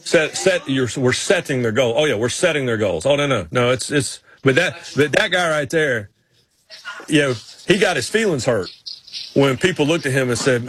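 A man's voice: mid-range voice, lively intonation, normal speed, fairly bright tone, a little hiss or hum. A man with a Southern American accent from North Carolina, co-hosting a sports radio show in casual, repetitive banter. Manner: chatty, repeats himself, laughs easily.

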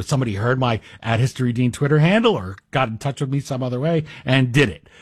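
A man's voice: mid-range voice, slightly rough, no echo. A middle-aged man guest-hosting a talk radio show, delivering a chatty monologue with wry, self-deprecating asides. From Greek heritage. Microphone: studio microphone.

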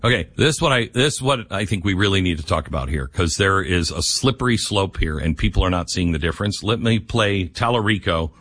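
A male radio talk show host giving an impassioned political monologue, his voice climbing toward yelling and dropping low again. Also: expressive, a little fast, few pauses. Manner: heated, rising to near-yelling then dropping low.

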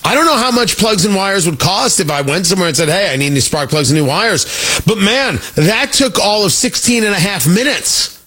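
A middle-aged man hosting a talk radio show, animated and jokey, wandering off on tangents. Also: high voice, normal speed, husky. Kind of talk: opinionated talk radio monologue.

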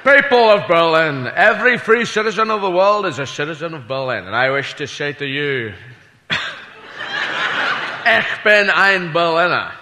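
A comedian doing a grandly orating politician. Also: male voice, fairly high pitch, expressive, moderate pace, bright, forceful tone, pitched above the performer's own voice. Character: male politician giving a speech, done in a famous Scottish actor's voice. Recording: long hall reverb, background noise.

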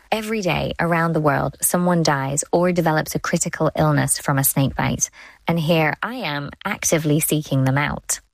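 A woman's voice: deep voice, dry recording. A woman correspondent reading a scripted first-person radio report with vivid storytelling. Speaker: foreign correspondent.

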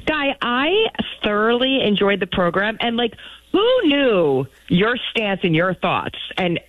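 Woman co-host, playful and laughing, very lively pitch, tinny phone-line audio. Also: takes it slowly, dry recording. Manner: playful, laughing, animated storyteller. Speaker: producer and co-host. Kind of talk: casual banter on a talk show.

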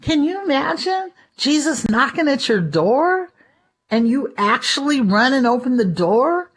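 A woman's voice: high voice, sing-song, unhurried, breathy edge. A woman preaching a conversational devotional sermon in a chatty way, often acting out the voices of people she quotes.

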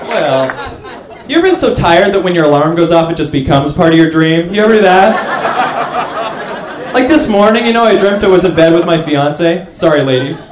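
A young man performing a stand-up comedy set, telling stories with deadpan punchline pauses. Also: on the high side, heavy background noise. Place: comedy club stage. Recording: echoey room, audience laughing. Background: crowd laughter.

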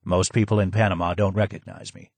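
A man reading the lines of a courteous elderly novelist in a soft, measured, polite voice. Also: sits low, fairly even intonation, vocal fry, slightly rough, dry recording, voice pushed down, exaggerated voice.

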